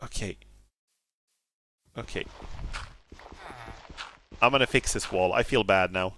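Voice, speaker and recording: A man's voice: lowish voice, slow, bright, forceful tone, slight background noise. A man giving casual gameplay commentary, giggling often, shifting between mumbled asides and sudden alarmed outbursts, apologizing sheepishly. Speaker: gaming streamer.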